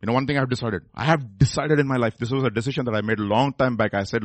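A man preaching a sermon. He swings between loud emphatic bursts and hushed intensity, repeating phrases and putting questions to the audience. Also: mid-range voice, racing, few pauses, dry recording.

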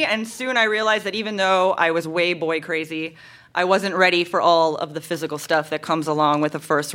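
Bright-voiced woman reading a diary on stage. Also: medium pitch. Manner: dramatic, melodramatic diary reading. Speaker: reader at a live show. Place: live venue stage. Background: audience laughter.

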